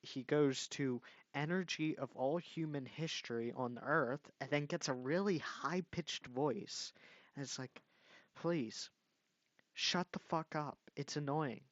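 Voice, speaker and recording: A man's voice: on the high side, slow pace, dry recording. A young man ranting in a commentary video, exasperated and mocking, swearing at someone he disagrees with. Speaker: commentary youtuber. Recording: dull lo-fi dry mic.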